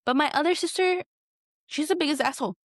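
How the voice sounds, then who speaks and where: A woman's voice: high voice, quick pace, dry recording, clean studio sound. A woman, hosting a candid solo podcast, talking bluntly and heatedly and swearing often. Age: 20s. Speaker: podcast host.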